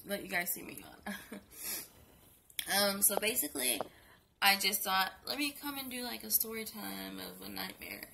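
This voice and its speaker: A young woman tells a story to her camera just after waking, sounding tired and a little sick. Her voice is bright, and she wanders through her tale with fillers and restarts over a faint background hiss. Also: medium pitch, big pitch swings, normal speed, gravelly, pauses often, poor audio. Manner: rambling with many fillers and restarts. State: sleepy and sick, yawning. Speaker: vlogger. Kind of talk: casual story time vlog.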